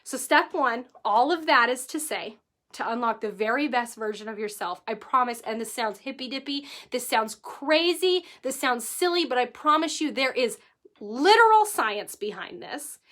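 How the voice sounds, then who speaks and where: A woman in her thirties, a vlogger telling a personal story to camera, lively and emotional, acting out the quotes. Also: a little high, normal speed. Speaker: vlogger giving life advice.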